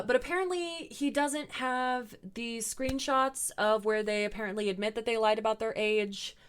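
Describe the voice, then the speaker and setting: A young woman talks straight to her camera at home in a loose commentary monologue. She keeps slipping in dry, sarcastic asides. Her voice sounds a touch worn out, sitting at an ordinary middle pitch. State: voice getting tired. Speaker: commentary YouTuber.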